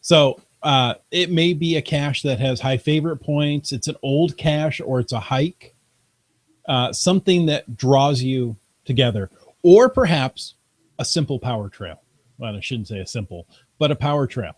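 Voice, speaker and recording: A man with a mid-range voice co-hosts a casual podcast in a relaxed, joking way. The recording is dry and close. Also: medium pitch, unhurried, no echo. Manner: relaxed, joking, leads the topic. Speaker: podcast co-host.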